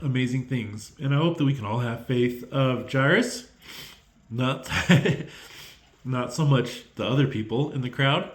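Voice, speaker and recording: A man giving a heartfelt, unscripted Bible devotional, halting with many pauses and restarts, close to tears. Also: medium pitch, reverberant. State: tearful.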